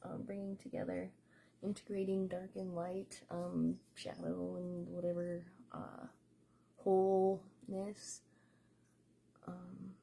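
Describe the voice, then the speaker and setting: A woman hosting a casual tarot reading chat, unhurried and rambling, with a lot of fillers. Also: fairly low pitch, monotone, vocal fry, mellow, a little hiss or hum. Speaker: tarot reader and host.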